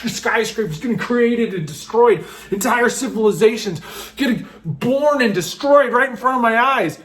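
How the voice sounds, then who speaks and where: Man, high-pitched, casual storytelling, excitable, filler-heavy. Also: normal speed. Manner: excitable, animated, lots of fillers like "just" and "like". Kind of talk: casual first-person storytelling.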